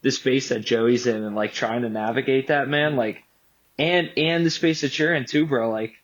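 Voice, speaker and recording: A man's voice: medium pitch, normal speed, highs cut off. A man hosting a podcast in a casual, friendly chat with lots of "bro" and "man". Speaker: podcast host.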